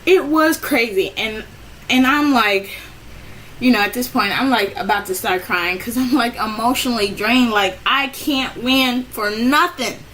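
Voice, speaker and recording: A woman telling a personal story in a casual storytime vlog, animated and rambling with many restarts, her voice jumping up when she relives the frustration. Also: on the high side, a little slow, slight background noise, rough recording. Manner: rambling with frequent restarts and "I'm like".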